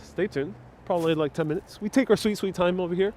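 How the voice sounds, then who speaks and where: With a high-pitched, darkish voice and a quick pace, a New York City man hosts a casual live-stream walking tour outside on the streets, playfully chatting and answering viewer comments. His wireless clip-on mic carries a little hiss or hum.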